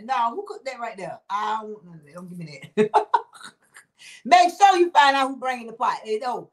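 Laughing high-voiced woman livestream host. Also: lively intonation, normal speed. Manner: laughs often, calls viewers honey and baby. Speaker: livestream host reading viewer comments. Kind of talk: casual chat with live viewers.

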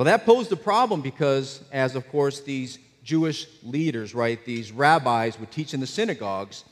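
A man's voice: medium pitch, long reverb tail. A man preaching a sermon as pastor, explaining scripture in a conversational teaching manner with frequent checks on his listeners. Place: church.

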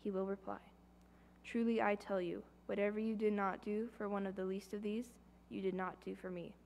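A woman reading a gospel passage aloud during a church service, in a measured, even way. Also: medium pitch, gravelly, slight background noise. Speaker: scripture reader.

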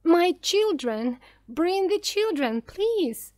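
A woman voicing a desperate grieving mother who pleads in a high, strained voice. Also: sing-song, slow pace, a little mellow, no room sound, clean studio sound, exaggerated voice.

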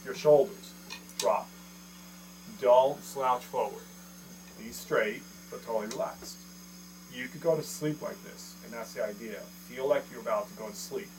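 A man gives a casual drum lesson at an electronic kit, recorded on a camera mic. He counts beats aloud and keeps asking "okay?" to check in. A clear electrical hum and some instrument sounds sit behind his voice. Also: mid-range voice, unhurried. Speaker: drum teacher.

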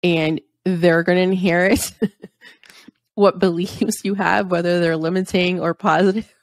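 Give me a blunt, enthusiastic woman host with a low voice, recorded dry and close. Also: fairly even intonation, a little slow, no room sound. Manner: blunt and enthusiastic, swears, laughs often. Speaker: podcast host. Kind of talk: casual podcast interview.

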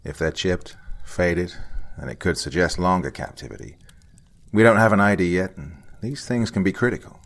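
A man doing a gruff, blunt older forensic investigator. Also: deep voice, normal speed. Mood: curt, lecturing. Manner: blunt, curt, lecturing, some lines whispered.

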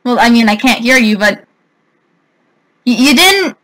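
A woman's voice: a little high, expressive, unhurried, heavy background noise. A woman gamer giving let's play commentary, panicky, yelping and wailing as she plays. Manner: panicky, yelps and wails. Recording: loud game music behind. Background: game music.

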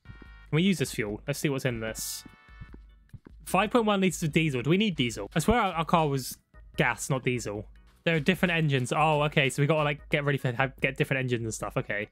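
A young man giving excitable, laddish commentary on a road trip game with friends. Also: on the high side, a little fast, soft background music. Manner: excitable, shouts when startled, laddish banter. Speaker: gaming YouTuber. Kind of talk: casual gameplay commentary.

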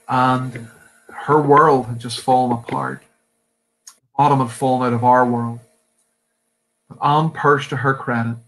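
A man in his fifties with a Northern Irish accent, a pastor telling his life story as a sermon testimony in earnest, with emphatic pauses. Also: mid-range voice, a little hiss or hum, rough recording. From Northern Ireland.

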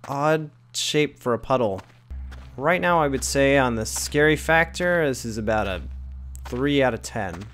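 A man's voice: mid-range voice, gravelly, a bit bright, a little hiss or hum. Sarcastic man narrating a game. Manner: sarcastic, laughs and yelps at scares. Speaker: gamer playing a horror game. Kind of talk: casual let's-play commentary.

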